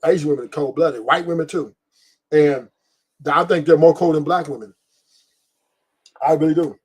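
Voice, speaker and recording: A middle-aged man with a husky, slightly raised voice hosts a casual stream. He talks bluntly and profanely, rambles from point to point and laughs at his own stories. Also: fairly high pitch, steady tone, normal speed. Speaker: podcast host. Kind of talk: casual opinion talk on a live stream.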